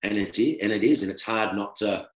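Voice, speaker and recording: This middle-aged Australian guest, once a professional cricketer, spins stories in an easygoing, lively chat full of laughter. He speaks briskly in a lowish voice that rises loud and drops hushed, with roomy echo around him.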